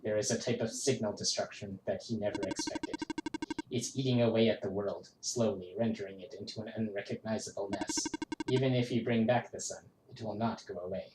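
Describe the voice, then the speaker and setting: A woman doing a deadpan all-knowing machine. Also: very deep voice, background noise. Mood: grave. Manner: flat, measured, deadpan. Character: calm all-knowing computer entity, detached. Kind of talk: game dialogue read aloud. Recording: roomy echo with game music.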